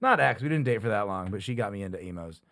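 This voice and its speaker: A young adult man co-hosting a comedy podcast, teasing his friend playfully with quick asides and laughs. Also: on the low side, lively intonation, fairly bright tone. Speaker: podcast co-host. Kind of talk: casual comedy podcast banter.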